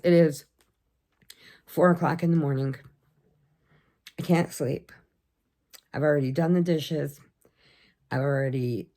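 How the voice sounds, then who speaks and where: A woman's voice: fairly low pitch, a little mellow. A middle-aged woman chatting casually in a vlog, telling stories, laughing often and acting out what people said. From United States. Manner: chatty storyteller, laughs often, acts out quotes. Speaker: vlogger. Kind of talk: casual chat.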